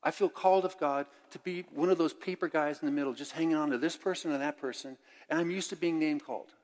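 An older man preaching a sermon as pastor, candid and conversational, swinging between loud and hushed. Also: on the high side, quick pace. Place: church sanctuary. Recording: long church reverb.

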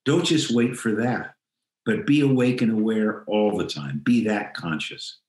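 A man's voice: on the low side, measured pace, darkish tone, reverberant, poor audio. An older man telling a personal story as an interview guest, reflective, acting out the lines of people he quotes. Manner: reflective, acts out quoted dialogue. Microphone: video call.

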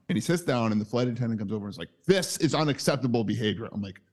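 A man in his thirties telling a story in casual chat, swearing freely, laughing, acting out quotes with big jumps in pitch. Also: lively intonation, rapid-fire, few pauses, darkish tone. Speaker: podcast co-host.

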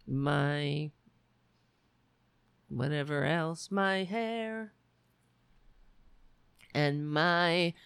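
Brief: raspy woman host, lowish voice, dry close sound, blunt political commentary. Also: very slow, pauses often, a bit bright, no echo. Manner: emphatic, repetitive, restarts mid-sentence. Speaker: show host. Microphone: home computer setup.

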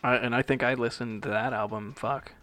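A man's voice: medium pitch, steady tone, a little fast, a bit bright. A young man co-hosting a podcast, telling loose stories full of swearing and quoted voices in casual chat. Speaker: podcast co-host.

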